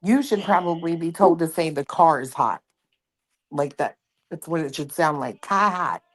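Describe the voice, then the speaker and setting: Casting: teasing livestream host woman, a bit low-pitched. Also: normal speed, slightly rough. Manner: playful, teasing, reads out the chat. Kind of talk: casual livestream chat.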